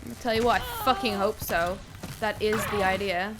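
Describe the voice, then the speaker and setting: A woman streamer giving casual gameplay commentary, excitable and foul-mouthed, yelling at enemies on screen. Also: medium pitch, moderate pace. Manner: excitable, swears a lot, yells at enemies. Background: game music.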